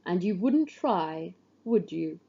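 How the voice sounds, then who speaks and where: A woman's voice: on the low side, animated, gravelly, dark tone, muffled recording, heavily acted. Woman doing a hulking scornful hero. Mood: suspicious. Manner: slow, mocking drawl. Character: huge scornful male warrior hero, brutish.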